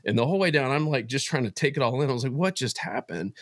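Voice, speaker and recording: A man's voice: medium pitch, fairly bright tone, dry recording. Earnest man telling a personal story, dry sound. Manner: earnest and emotional, halting restarts. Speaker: podcast guest, business founder. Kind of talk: casual interview, personal faith story.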